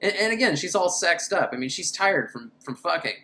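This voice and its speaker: A woman's voice: fairly low pitch, expressive, brisk, bright, forceful tone. A woman recapping a bad film with sarcastic, incredulous commentary. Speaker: film reviewer. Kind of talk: comedic movie recap.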